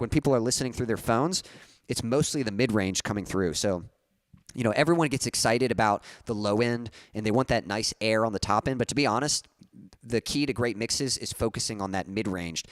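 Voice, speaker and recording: In a dry, clean studio recording, a man with a mid-range voice hosts a music livestream. He reads out and answers viewer comments in a casual, rambling chat peppered with fillers and restarts.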